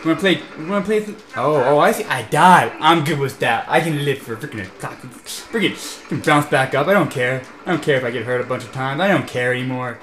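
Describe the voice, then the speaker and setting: A young man doing let's play commentary, ranting in frustration at a racing game and mixing shouts with laughter. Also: mid-range voice, fairly quick, few pauses. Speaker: gameplay commentator. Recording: echoey room with game music.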